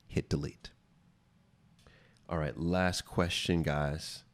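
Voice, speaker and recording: A man's voice: extremely low pitch, fairly even intonation, slow. A man hosting a podcast, giving casual advice in an emphatic way and repeating key phrases for stress. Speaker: podcast host. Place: studio.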